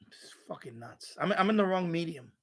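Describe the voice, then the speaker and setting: A man's voice: fairly high pitch, animated, moderate pace. A man hosting a home live stream from his radio room, rambling and ranting with profanity and mocking asides.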